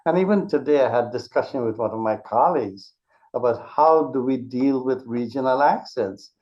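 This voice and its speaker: A man's voice: medium pitch, moderate pace, darkish tone. A man with an ordinary mid-range voice talks as an interview guest, laying out his ideas with careful examples and frequent restarts. The sound is dull and lo-fi. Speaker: author and speech teacher, interview guest. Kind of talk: earnest conversational explanation. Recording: dull lo-fi recording.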